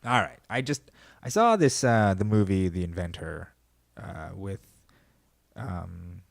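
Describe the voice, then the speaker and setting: A man's voice: low voice, lively intonation, slow, creaky, dry recording, clean studio sound. A man hosting a podcast, ranting alone in a profane, rambling monologue with frequent restarts and asides. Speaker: podcast host. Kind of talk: casual solo monologue.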